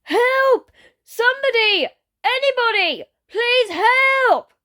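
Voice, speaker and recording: A woman's voice: extremely high pitch, fairly even intonation, normal speed, a bit bright, voice pushed up. A woman voicing a small fox child who is out of breath and calling for help. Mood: panicked. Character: panicked little fox child.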